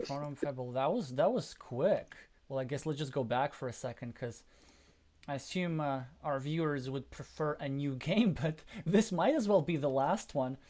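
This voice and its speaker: Chatty, slightly high-voiced male host. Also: moderate pace, darkish tone. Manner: chatty, speculative, stumbling restarts. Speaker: host and commentator. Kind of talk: live board game commentary.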